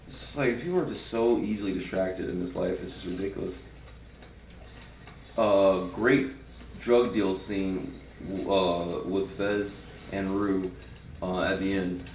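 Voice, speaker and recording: Low-voiced man in a roomy space. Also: a little slow, a little hiss or hum. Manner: profane, rambling, frequent restarts. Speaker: TV episode reviewer. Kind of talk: casual spoken review. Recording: roomy, from a distance.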